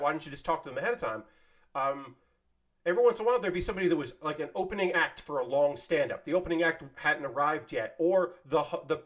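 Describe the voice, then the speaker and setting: A man chatting casually on a live stream while building, rambling and swearing freely as he thanks viewers. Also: fairly high pitch. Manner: thanks viewers and subscribers by name.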